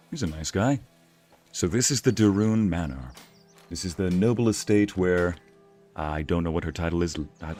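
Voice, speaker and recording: A man casually commentating a video game as a streamer, playful and jokey, sometimes breaking into loud yelling. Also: low voice.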